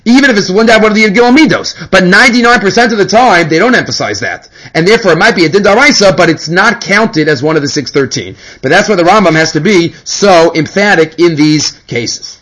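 A man giving a Torah lesson, moving quickly between Hebrew quotes and his own explanations in an animated way. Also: sits high, poor audio. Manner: animated, mixes Hebrew and English. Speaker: Torah teacher. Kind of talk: Talmudic lecture.

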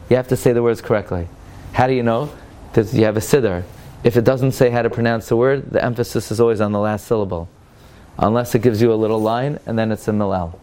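A man teaching a Torah class as a rabbi, weaving Hebrew and Aramaic quotations into his English explanation, asking rhetorical questions and jumping sharply in pitch to stress his points. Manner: animated, with sudden jumps in pitch for emphasis. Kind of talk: Torah study lesson.

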